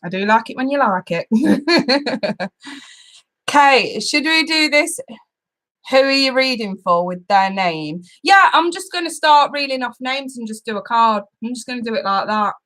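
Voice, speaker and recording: A woman's voice: on the high side, animated, a little slow, a bit bright. A woman hosting a live tarot stream, chatting casually and giggling as she greets viewers by name.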